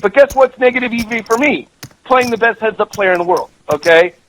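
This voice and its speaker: High-pitched middle-aged guy ranting on a call-in show, swears a lot, repeats himself, faint noise behind. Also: a little fast, poor audio. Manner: profane, emphatic, repeats himself. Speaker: guest caller, professional gambler. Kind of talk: heated storytelling on a call-in show.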